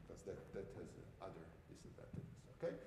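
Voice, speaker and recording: A man's voice: low voice, very animated, quick pace, background noise. A man giving a piano masterclass, coaching a student with encouragement and lots of "bravo". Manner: encouraging, repeats "bravo", non-native phrasing. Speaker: piano teacher. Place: concert hall with piano. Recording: echoey hall with loud piano.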